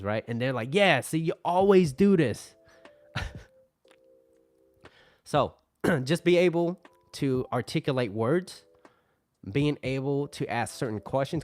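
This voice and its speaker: A man's voice: mid-range voice, dry recording. A man talking through relationship advice in a loose, conversational way, often ending lines with "right?". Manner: acts out angry customers in mock voices. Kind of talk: casual advice monologue.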